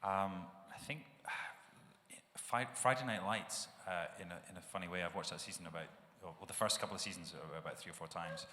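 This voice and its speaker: A man with a very low voice, bright in tone, talking casually and laughing at himself. He speaks at a live panel in a big hall with a long, roomy echo. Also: brisk. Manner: relaxed, self-deprecating, laughs often. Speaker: panel guest actor. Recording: echoey hall, live event.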